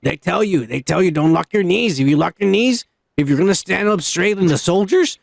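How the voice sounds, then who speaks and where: A man's voice: high-pitched, expressive, brisk, vocal fry, dry recording. A man hosting a casual podcast, rambling and swearing, often repeating himself. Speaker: podcast host. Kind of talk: casual drunk podcast banter.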